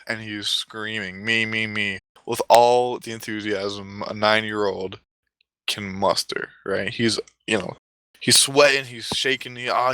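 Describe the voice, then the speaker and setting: A man's voice: lowish voice, pushed and bright, dry recording. A man telling a comic story casually, rambling and swearing often, with frequent restarts. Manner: profane, rambling, self-correcting.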